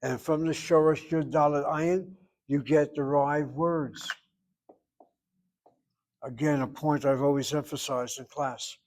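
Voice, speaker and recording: A man's voice: a little high, fairly even intonation, takes it slowly, pauses often, darkish tone. Emphatic older man teaching grammar. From United States. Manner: digressive, emphatic over-pronouncing. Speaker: Hebrew teacher. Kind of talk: classroom grammar lesson.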